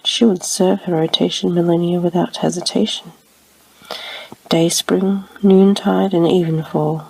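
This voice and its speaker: A woman narrating a science-fiction story in a soft, hushed whisper. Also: on the low side, slightly rough, dry recording, recorded from a distance, low-quality recording.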